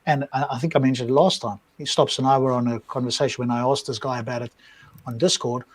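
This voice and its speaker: A man's voice: mid-range voice, steady tone, quick pace, slightly rough. A man co-hosting a live discussion, arguing his point through a string of rhetorical questions. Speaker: co-host. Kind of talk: casual live-stream discussion.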